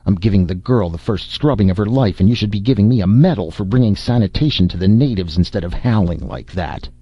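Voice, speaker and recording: A man's voice: on the low side, animated, fast, slightly rough, no room sound. A man voicing a brash, commanding male hero who barks orders with sardonic humor, in a storybook reading. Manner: bossy, sardonic, barking orders. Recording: dull, dry lo-fi recording.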